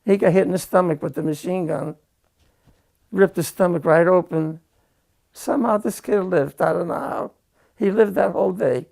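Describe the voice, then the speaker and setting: Gravelly older man recalling war. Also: sits high, a little mellow. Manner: halting, emotional, repeats phrases. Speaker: war veteran giving testimony. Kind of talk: personal war testimony.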